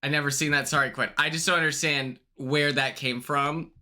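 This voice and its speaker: Young guy on a livestream, super bright sharp voice, kinda high, sassy and swears a lot. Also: fairly even intonation. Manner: blunt and sassy, swears often, quick to apologize. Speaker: livestream host. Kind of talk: casual livestream chat.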